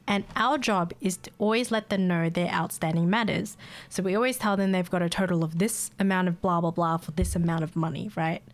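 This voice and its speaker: A young woman streamer chatting casually and telling a story, blunt and sweary, quick to mimic the people she talks about. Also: medium pitch. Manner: mimics callers and herself in quoted bits. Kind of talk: casual chat, venting a story.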